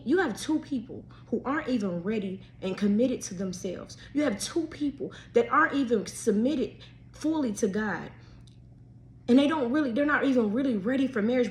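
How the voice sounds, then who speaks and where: A middle-aged woman talks openly about her own life, with a preacher's bent, now and then lowering her voice to a near whisper for an aside. Her voice sits at an ordinary pitch for a woman. A faint hiss of background noise runs under the recording. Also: a little mellow. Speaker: podcast host. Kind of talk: personal faith-based talk.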